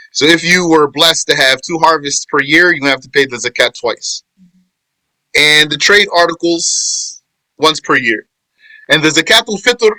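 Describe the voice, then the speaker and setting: A man runs an informal religious class in a very bright, sharp voice. He quizzes his students, repeats points and corrects wording as he goes. The sound is dry and close. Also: fairly high pitch, dry recording, poor audio. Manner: quizzes students and answers their replies; explains slowly, restating and correcting phrasing. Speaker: religious teacher. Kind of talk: informal class on Islamic law.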